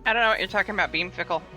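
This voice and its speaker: A woman's voice: mid-range voice, creaky, bright, forceful tone, full character voice. A woman with a Southern US accent voicing a proud young female rival fighter who is a sore loser, with an indignant, sly delivery. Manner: indignant, then slyly curious. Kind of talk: voicing game dialogue on a live stream.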